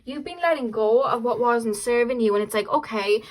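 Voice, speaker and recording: A woman's voice: a little high, animated, brisk, poor audio. A young woman doing a casual tarot reading, chatty and upbeat, often trailing off and restarting. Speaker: tarot reader.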